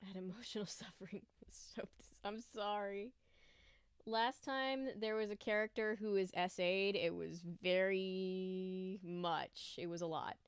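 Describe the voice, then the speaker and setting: Chatty woman streamer with smooth voice. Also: mid-range voice, fairly even intonation, a little slow, no room sound, studio quality. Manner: chatty, greets chat viewers by name. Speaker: livestream host. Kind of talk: casual livestream chat.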